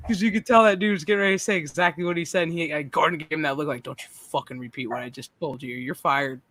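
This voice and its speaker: A man hosting a casual stream chat, telling animated, profane stories. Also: on the high side, fast, dry recording. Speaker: streamer host.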